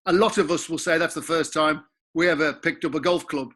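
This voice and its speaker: A man's voice: fairly high pitch, fairly quick, a bit bright. A man co-hosting a podcast, asking the guest questions in a hesitant way with restarts. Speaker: podcast co-host. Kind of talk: casual podcast interviewing.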